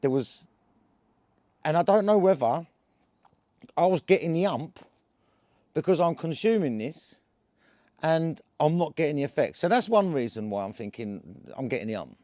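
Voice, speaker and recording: With a somewhat high, darkish, sing-song voice, this Essex-accented English cannabis vlogger tells a rambling story to camera at a moderate pace with long pauses. He uses lots of slang and filler and keeps restarting sentences, and the audio is dry and close with no room echo.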